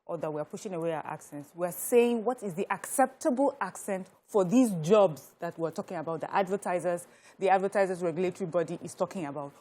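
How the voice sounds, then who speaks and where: A woman's voice: fairly low pitch, brisk, mellow. A Nigerian woman co-hosting a studio talk show, explaining her point earnestly. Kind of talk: studio panel discussion.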